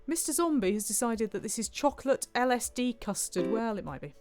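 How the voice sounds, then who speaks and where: A woman's voice: on the high side, lively intonation, brisk, music in the background. A woman streaming a cooking game, chatting playfully and reading viewer comments aloud. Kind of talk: casual gameplay commentary.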